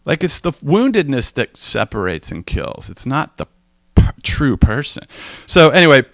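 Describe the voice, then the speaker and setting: A man's voice: medium pitch, very animated, normal speed, vocal fry, a bit bright, no echo. Guy giving a casual talk, storytelling, does little voices for people he quotes, dry close mic. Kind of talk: informal teaching talk.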